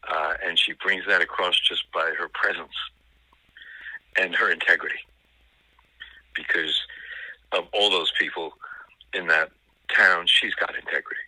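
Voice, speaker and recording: A man with a low, strikingly sharp and tense voice talks through a film in a relaxed, analytical way. He often pauses and restarts as he hunts for the right word. The sound is close and dry, with no room echo. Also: husky. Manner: thoughtful, analytical, pauses to find words. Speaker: film critic guest. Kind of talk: casual film discussion.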